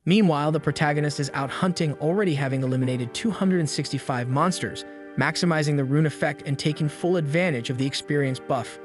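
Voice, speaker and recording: A man narrating a comic recap in a loose, casual retelling. His voice sits slightly high, and soft music plays faintly behind him. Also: fast talker.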